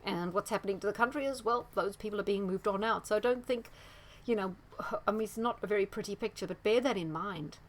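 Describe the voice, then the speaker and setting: A woman talking straight to her viewers in a loose, unscripted monologue. She leans hard on key words and keeps breaking off into asides and quick impressions of other people. Her pitch sits right in the middle for a woman. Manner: emphatic, animated, with many asides and quoted voices. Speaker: astrologer presenting commentary. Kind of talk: casual monologue commentary.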